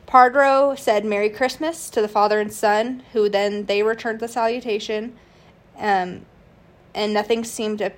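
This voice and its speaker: A woman's voice: medium pitch, steady tone, unhurried. A woman hosting a podcast, narrating a true crime case casually from her notes, with fillers and restarts. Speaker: podcast host.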